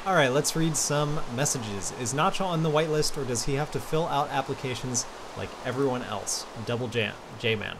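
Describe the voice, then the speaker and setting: A man hosting a casual gaming video, chatty and playful, reading out player messages and shouting now and then. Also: mid-range voice, moderate pace, hardly any pauses, background noise. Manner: chatty and playful, bursts into yells. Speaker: Minecraft server host reading player messages.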